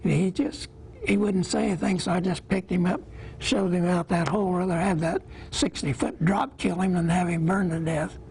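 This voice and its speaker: A man's voice: sits high, steady tone, gravelly, a little mellow, slightly rough, low-quality recording. Elderly Iowa man recalling wartime memories. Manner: plain-spoken storytelling with halting pauses. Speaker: war veteran interviewee. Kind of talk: recounting memories in an interview.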